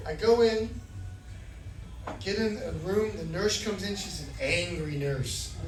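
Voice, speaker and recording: Animated male stand-up comedian in a club. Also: high voice, distant mic. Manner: animated, self-mocking storytelling. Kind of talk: stand-up storytelling. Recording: roomy club from afar, loud crowd. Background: audience laughter.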